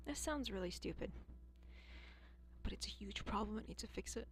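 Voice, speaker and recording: A woman's voice: medium pitch, moderate pace, pauses often, slight background noise. An American woman chatting casually as a streamer, blunt and profane, rambling and musing aloud. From United States. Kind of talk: casual chat.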